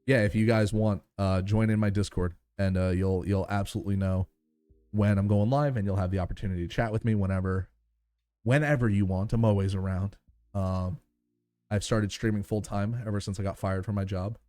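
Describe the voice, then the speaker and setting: A man's voice: lowish voice, steady tone, a little fast, mellow, dry recording. A man streaming live and chatting casually with his viewers, thankful and rambling with lots of fillers.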